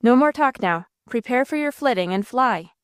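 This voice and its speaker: A woman's voice: on the high side, expressive, normal speed, clean tone, no room sound, clean studio sound, close to an everyday voice. A woman voicing a bold, blustering male robber captain who gives orders to his gang. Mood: commanding. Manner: blustering, rousing, theatrical.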